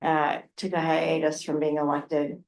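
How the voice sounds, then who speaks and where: A woman's voice: low-pitched, completely flat delivery, a little slow, darkish tone, recorded from a distance. A middle-aged woman, a regional council president, speaking candidly and chattily at a council work session. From Oregon. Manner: candid, chatty, frank, with laughs and filler words. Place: city council meeting room. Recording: roomy meeting room with faint noise.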